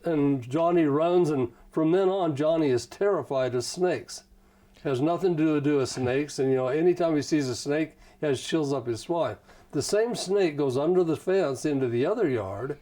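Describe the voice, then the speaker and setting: A man's voice: fairly high pitch, normal speed, dark tone. A man being interviewed, who talks in a folksy, rambling way and leans often on "you know" while he tells stories. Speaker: interview guest. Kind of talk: casual conversational storytelling.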